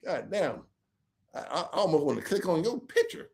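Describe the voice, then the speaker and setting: Animated, profane man ranting on a livestream. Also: a little high, moderate pace, creaky. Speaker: livestream host. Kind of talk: late-night livestream rant.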